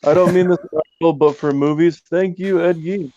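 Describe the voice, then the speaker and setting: Jokey man with a mellow voice. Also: on the high side, fairly even intonation, a little fast, no room sound, highs cut off. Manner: jokey, quotes memes. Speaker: commentary co-host. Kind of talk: casual movie commentary.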